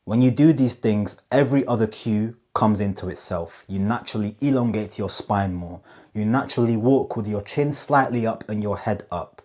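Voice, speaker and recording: Communication coach, male, lowish voice, emphatic, deliberate pauses on key points. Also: a little mellow. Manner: emphatic, slows down on key phrases; demonstrative, asks rhetorical questions. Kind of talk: direct-to-camera coaching talk.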